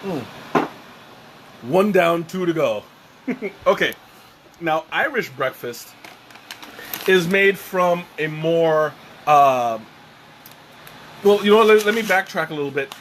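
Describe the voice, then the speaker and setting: A man's voice: on the high side, expressive, slow, long pauses, fairly bright tone, slight background noise. A man hosting a casual live tea-tasting stream at home, rambling and self-deprecating, winded from sweating and choking. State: sweating and catching his breath after choking. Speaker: livestream host. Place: home room with a fan running.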